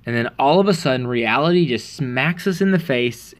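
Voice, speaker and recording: Earnest man telling a story in a sermon. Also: medium pitch. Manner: relaxed, earnest storytelling with frequent pauses and fillers. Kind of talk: conversational sermon with a personal story.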